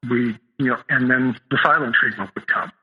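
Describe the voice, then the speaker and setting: Middle-aged male guest recounting his past, halting with constant restarts, heard over a tinny phone line. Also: mid-range voice. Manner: halting, full of restarts and fillers. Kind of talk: telling a personal story in an interview.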